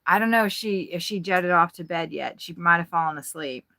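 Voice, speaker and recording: A woman's voice: on the low side, a little fast, bright, forceful tone, no room sound. A woman chatting casually on a livestream, joking around and laughing often. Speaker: livestream host.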